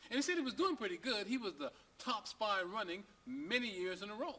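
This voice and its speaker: Folksy high-voiced male storyteller. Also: animated, fairly quick, pushed and bright. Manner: folksy, conversational, asks the listener rhetorical questions. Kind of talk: joke storytelling to camera.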